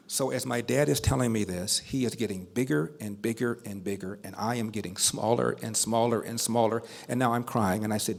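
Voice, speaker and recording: A man's voice: lowish voice, a little fast, gravelly, hardly any pauses. Man telling a family story to a crowd. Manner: builds emphasis with repetition. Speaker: speaker at a banquet. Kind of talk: storytelling speech.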